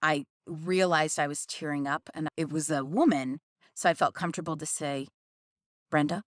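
A woman's voice: low-pitched, normal speed, dry recording, studio quality. A young adult woman co-hosting a podcast, affirming the others in casual chat. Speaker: podcast co-host.

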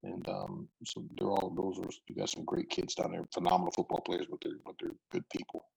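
Gravelly and breathy, his low voice runs a little fast over poor audio. The speaker is a middle-aged football coach in a casual interview, telling stories in a relaxed, rambling way with lots of restarts.

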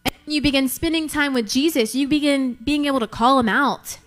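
A woman's voice: high-pitched, a little fast, fairly bright tone. A young woman preaching a sermon, emphatic, repeating key lines for effect.

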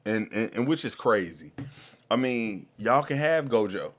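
A man hosting a casual podcast, animated and slangy, often repeating words as he starts a sentence. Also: fairly low pitch, unhurried. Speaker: podcast host.

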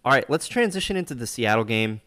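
A man hosts a loose sports talk show. He keeps things casual and jokey, steering from one topic to the next. His voice sits at a plain middle pitch. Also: fast talker. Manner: relaxed, joking, laughs at the chat. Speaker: podcast host. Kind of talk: casual sports podcast chat.

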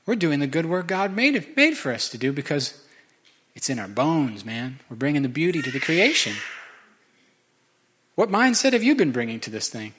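A man's voice: fairly high pitch, sing-song, normal speed, a bit bright, breathy edge. A man preaching a sermon, conversational and joking with the congregation. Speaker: pastor.

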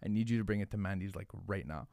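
This podcast guest, founder of a hot sauce brand, rattles off a rambling, profane story in casual conversation, packed with "like." His voice is low and darkish and rapid-fire, recorded dry at studio quality.

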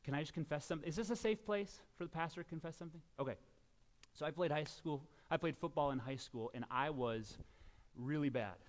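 A middle-aged man preaching a sermon as pastor, swinging between quiet asides and loud, emphatic shouts. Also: a little high, a little fast.

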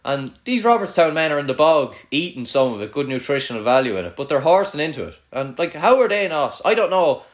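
A man's voice: on the high side, sing-song, quick pace, hardly any pauses. Rambling, teasing young irish man. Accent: Irish, Kildare. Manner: swears a lot, teasing, rambling with many "like"s. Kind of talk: casual banter with a friend.

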